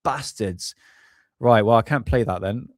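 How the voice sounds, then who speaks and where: A man's voice: mid-range voice, unhurried, no echo, clean studio sound. A man hosting a UFO live stream, rambling casually and swearing while he hunts for videos. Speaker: UFO channel host.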